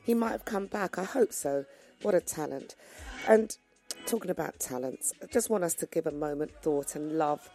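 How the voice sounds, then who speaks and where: A woman's voice: deep voice, moderate pace, dark tone. A woman hosting a radio show, chatting casually and with feeling between songs, speaking straight to her listeners. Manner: heartfelt, emotional, talks to listeners directly. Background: music playing.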